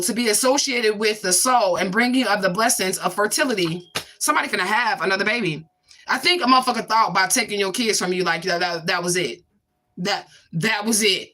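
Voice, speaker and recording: A woman delivers a casual spiritual card reading, blunt and emphatic, with frequent swearing. Her voice is bright and tense, pitched fairly high, and she hammers her points home with repeated catchphrases.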